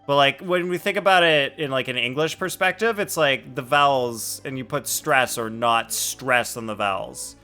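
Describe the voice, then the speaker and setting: Lively guy streaming a game, chats w his viewers, bright voice, a little game music behind. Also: medium pitch, moderate pace, hardly any pauses. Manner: animated, chatty, answers chat, laughs often. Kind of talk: casual live-stream chat.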